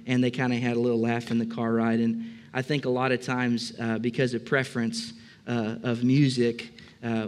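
A male pastor preaching in a loose, conversational way, full of "uh" fillers and direct asides to the congregation. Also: mid-range voice. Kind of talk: sermon.

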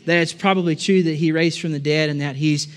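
A man's voice: a little high, steady tone, brisk. A man preaching a sermon in a church, telling a story casually and then building to emphatic, repeated lines. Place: church with a balcony.

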